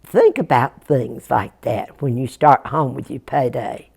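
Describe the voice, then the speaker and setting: A woman voicing a fond, patient country mother in a told folktale, scolding gently in a folksy drawl. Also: rumbling low, a little slow, vocal fry, husky, pitched below the performer's own voice, exaggerated voice. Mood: explaining.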